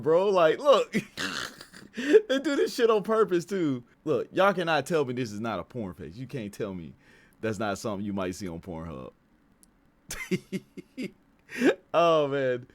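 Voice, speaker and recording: A man hosting an anime reaction video, talking casually and excitably with frequent swearing and laughter. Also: medium pitch, unhurried. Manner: excitable, profane, laughs often.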